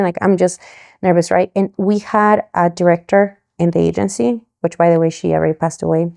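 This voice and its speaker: A middle-aged Mexican woman guests on a podcast, telling a story in a storytelling interview. She speaks at normal speed with a lowish voice and vocal fry, and she's animated, acting out other people's lines.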